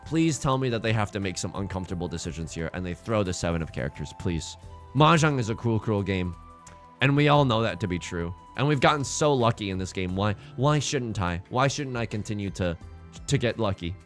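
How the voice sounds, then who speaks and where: A young man giving casual gameplay commentary as a let's play host, swinging between fretting mutters and excited outbursts. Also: lowish voice, brisk, faint music behind.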